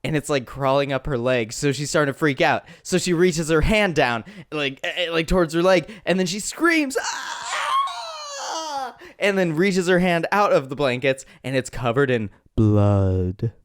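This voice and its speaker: A man's voice: on the high side, animated, moderate pace, hardly any pauses, dry recording, studio quality. A man co-hosting a podcast, recapping a film in casual chat and acting out scenes with comic voices. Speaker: podcast co-host. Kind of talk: casual movie review chat.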